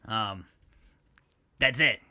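A young man chats casually as a podcast co-host, his voice strikingly bright and sharp. He laughs often and fills his talk with uhs and restarts. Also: on the low side, extremely slow. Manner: laughs often, filler-heavy, enthusiastic. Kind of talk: casual chat.

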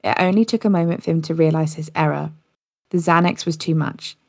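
A woman with a low, gravelly voice narrates a story in a relaxed podcast manner, now and then tripping and restarting. The sound is dry and close, with no room around it. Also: a little fast, dry recording. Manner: casual, occasional slips and restarts.

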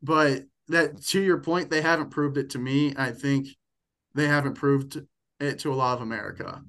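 A man's voice: medium pitch, normal speed, fairly bright tone. A young man co-hosting a podcast, chatting casually and rambling through football picks with plenty of self-corrections. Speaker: podcast co-host. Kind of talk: casual sports chat.

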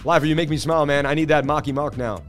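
A man hosting a crypto market livestream, talking through charts in a casual, animated and confident way. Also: a little high, fast talker, soft background music.

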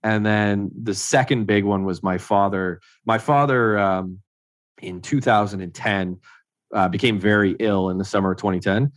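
Low-voiced man telling a story. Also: fairly even intonation, moderate pace, no room sound. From Ontario, Canada. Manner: conversational, acts out others' lines, frequent "like". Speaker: interview guest. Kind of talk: casual personal storytelling.

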